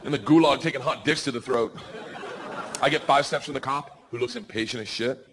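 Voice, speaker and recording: Energetic stand-up comedian with shouted punchlines. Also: male voice, mid-range voice, brisk, in a large hall, noisy background. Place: comedy stage before a live audience.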